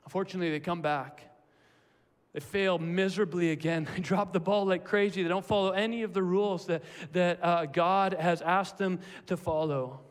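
A male preacher with a fairly high voice delivers an earnest, emphatic sermon. He hammers his points home by repeating the same phrases. His voice rings out with a long reverb, as if in a large hall.

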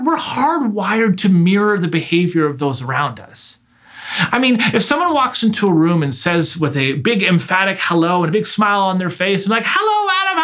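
A man's voice: sits high, fairly bright tone. A man preaching a sermon, earnest and direct, asking his listeners rhetorical questions.

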